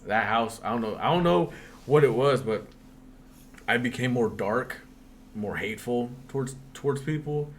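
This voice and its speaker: A man's voice: mid-range voice, lively intonation, normal speed, a little hiss or hum. A young man casually telling a spooky story on a podcast, swearing often and breaking into laughs.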